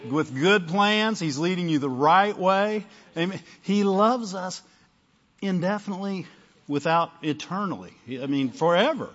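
A man's voice: high-pitched, fairly bright tone, dull audio. A male pastor preaching a conversational sermon, often asking the congregation "amen?" and "right?".

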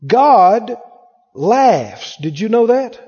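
A man's voice: high voice, big pitch swings, very slow, warm tone, slightly rough, big-room sound, highs cut off. A man preaching a sermon, telling a personal story and acting out the voices in it.

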